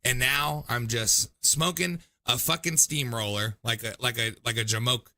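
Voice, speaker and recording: Bright-voiced tipsy livestream host. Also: male voice, mid-range voice, fairly even intonation, moderate pace. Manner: rambling, profane, loose and giggly. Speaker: livestream call-in show host. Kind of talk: casual livestream chat.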